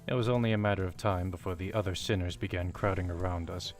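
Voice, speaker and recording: A man's voice: low-pitched, fairly even intonation, fast, soft background music. A man casually reading a game story aloud, hesitant with fillers between the voices. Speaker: fan reader of a game story.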